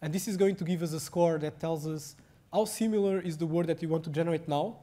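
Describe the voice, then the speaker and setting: A young adult man with a Portuguese accent giving a technical lecture, speaking haltingly with many fillers and restarts. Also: on the high side, dark tone.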